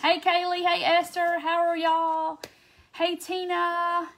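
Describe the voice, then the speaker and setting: Southern woman, high voice, bubbly, greets viewers one by one, casual craft live stream. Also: monotone, slow, fairly bright tone. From Mississippi, US. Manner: bubbly, greets viewers by name, frequent "um"s and laughs.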